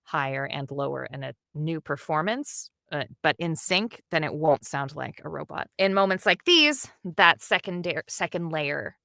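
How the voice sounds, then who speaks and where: An animated woman chatting enthusiastically about directing a dub, with quick asides. Her voice is low but bright and forceful. The sound is dry and close, with no room around it. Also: creaky, no room sound. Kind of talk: casual interview chat.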